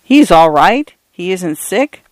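Man voicing a patient ranch hand, calm and plain-spoken, dry close sound. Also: sits high, slow pace, no room sound, full character voice. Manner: calm, philosophical.

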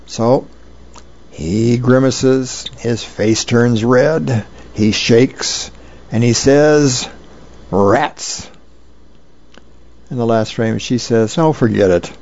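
Man volunteer reader, easygoing storytelling, gravelly voice, muffled sound. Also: medium pitch, steady tone, slow, darkish tone. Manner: easygoing, plain storytelling with fillers. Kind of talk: reading comic strips aloud.

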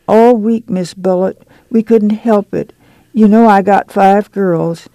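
A meek, whining mother, ashamed and pleading, as a reader puts her on in a storybook reading. The voice rises higher and slower than the narration, with a gravelly, dark and dry sound. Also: steady tone, dry recording, low-quality recording. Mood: timid.

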